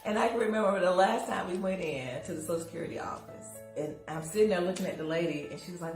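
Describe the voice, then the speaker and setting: A woman guest telling her own caregiving story in conversation, animated, acting out dialogue and laughing as she goes. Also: on the low side, fast, hardly any pauses. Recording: roomy sound with music behind.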